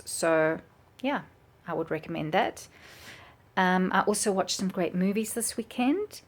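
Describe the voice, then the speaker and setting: A middle-aged woman, chatting casually and enthusiastically with lots of ums. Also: lowish voice. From South Africa. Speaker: book vlogger and author. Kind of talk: casual chat.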